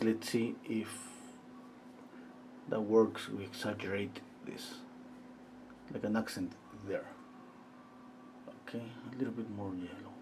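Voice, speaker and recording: A calm male art teacher paints live and thinks aloud, his voice fairly low against a noisy background. Musing and talking to himself as he works, he pauses often during the demonstration.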